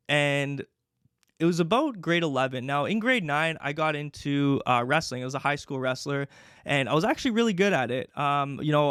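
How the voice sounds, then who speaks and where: Brief: young Canadian-raised man, casual storyteller, high-ish voice, dry close mic. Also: a bit bright, clear, resonant tone, no room sound. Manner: chatty, many fillers. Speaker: podcast host.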